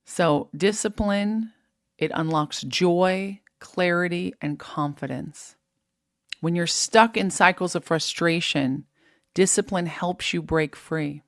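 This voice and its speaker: A woman hosting a live fitness stream, giving energetic, preachy, faith-based motivation and reading out viewer comments. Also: fairly low pitch, slow pace, no room sound, studio quality. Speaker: host of a live fitness show.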